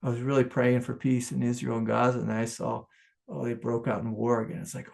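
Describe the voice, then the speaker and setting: A man, a spiritual teacher giving a satsang talk, often laughing, swinging from impassioned outbursts to hushed prayer. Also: mid-range voice, little pitch movement, brisk, creaky.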